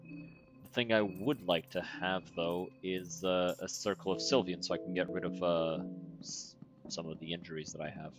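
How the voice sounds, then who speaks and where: A man giving casual, wry commentary while playing a video game, with deadpan jokes and frequent fillers. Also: deep voice, moderate pace, music in the background, poor audio. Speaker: gaming streamer. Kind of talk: casual let's play commentary.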